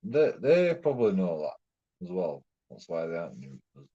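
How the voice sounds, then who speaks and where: Husky, animated man ranting. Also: low voice, normal speed. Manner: rambling, repetitive, swears constantly. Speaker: streamer. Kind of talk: profane ranting monologue. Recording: dull lo-fi recording.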